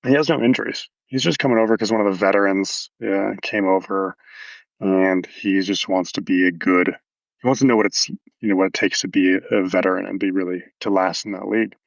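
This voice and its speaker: A man's voice: low voice, fairly even intonation, fairly quick, vocal fry, no room sound, highs cut off. A man coaching athletes, explaining movement casually in a podcast interview with anatomical detail and frequent fillers.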